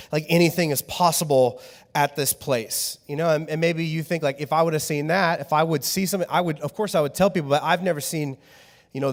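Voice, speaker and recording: A high-voiced man delivering a sermon in a church, bouncing between earnest reflection and comic storytelling. His voice carries a long reverb from the hall around him. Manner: animated, joking storyteller. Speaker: pastor.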